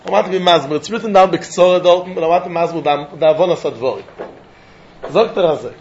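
A man teaches a Talmud lesson in carrying a lilt, his voice sitting high. He keeps pressing rhetorical questions and chuckling as he reasons aloud. The recording sounds dull and lo-fi. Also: fast, slight background noise. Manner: animated, asks rhetorical questions, chuckles often. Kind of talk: Talmud lecture.

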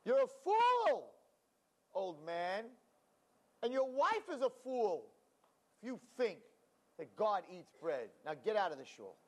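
A man voicing a stern, angry male rabbi who shouts and scolds. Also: high-pitched, very animated, a little slow, pauses often, husky, voice pushed up, heavily acted. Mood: scolding.

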